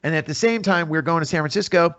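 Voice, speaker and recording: Fast and fairly high-pitched, this man is a middle-aged American musician and comedian. On a podcast, he tells stories in a casual interview, animated and slipping into the voices of the people he describes.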